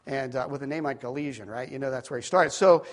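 Preaching at speed in a medium-pitched voice, a middle-aged man tells a meandering personal story, breaking off into tangents and starting over. Serious moments bring his voice down to a hush.

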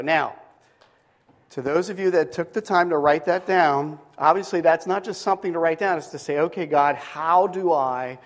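A man's voice: a little high, big-room sound. A middle-aged man preaching to a live audience, telling a story in a casual, rambling way with many restarts. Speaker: pastor. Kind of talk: sermon with storytelling. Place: speaking to a live audience at a Bible school.

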